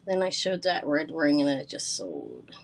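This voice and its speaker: A woman's voice: deep voice, wildly swooping pitch, moderate pace, creaky, slight background noise, low-quality recording. A tired, stressed woman hosting a live jewelry sale, talking in a flustered, apologetic way with many stumbling restarts. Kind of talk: live-stream sales chat.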